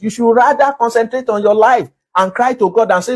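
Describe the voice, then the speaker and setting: A Nigerian man preaching a sermon, with an emphatic delivery that moves between quick runs and slow, deliberate phrases. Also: very high voice, darkish tone, husky. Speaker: pastor.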